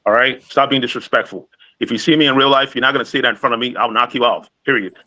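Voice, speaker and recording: A man's voice: mid-range voice, fast talker, bright, forceful tone, low-quality recording. A man in his forties, a panelist in a heated live debate, combative and scolding, talking over others. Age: 40s. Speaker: call-in panelist.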